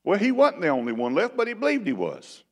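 A man preaching a sermon as pastor, with folksy, animated delivery. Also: high-pitched, fast. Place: church sanctuary. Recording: long church reverb.

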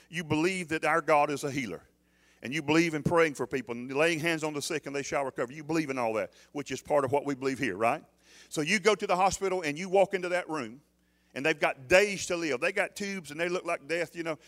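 A man's voice: a little high, a bit bright. A man preaching a sermon as pastor, emphatic, often putting questions to the congregation.

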